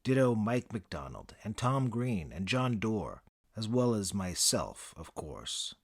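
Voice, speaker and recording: A man narrating a comic first-person story in a dry, deadpan, boastful manner. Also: on the low side, slow.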